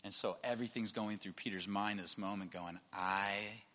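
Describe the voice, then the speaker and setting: A man preaching a sermon, dropping to a hushed low voice and then rising to loud, emphatic lines. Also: fast talker. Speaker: pastor. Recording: long hall reverb.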